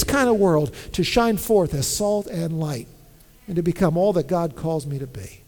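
A man with a notably high voice preaches with insistent emphasis, hammering home repeated phrases and slipping into dry humor when he tells a story. His voice rings out with a long reverb, as if filling a large hall. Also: animated, moderate pace, darkish tone. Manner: wry humor in personal stories. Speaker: pastor. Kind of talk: sermon.

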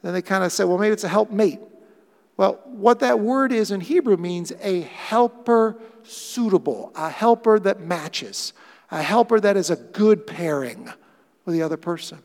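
A man preaching a sermon as pastor, animated, acting out quoted lines with playful voices. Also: sits high, normal speed, big-room sound.

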